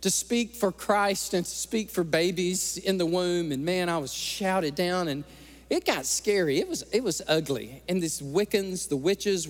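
High-pitched impassioned preacher. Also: male voice. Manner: impassioned preaching, tearful at times. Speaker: pastor. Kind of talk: sermon. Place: church sanctuary. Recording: long hall reverb.

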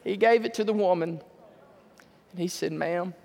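A man preaching a sermon, telling stories with animated humor. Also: high-pitched, moderate pace, vocal fry. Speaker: pastor. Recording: reverberant hall.

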